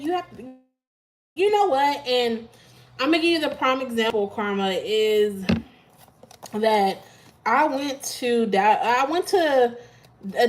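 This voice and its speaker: A woman's voice: a little high, poor audio. A woman hosting a live tarot stream, chatting casually with her viewers and laughing often.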